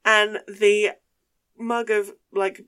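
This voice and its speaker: A young woman co-hosting a podcast, telling a story in casual chat with animated delivery and frequent swearing. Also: medium pitch, drawn-out words. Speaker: podcast co-host.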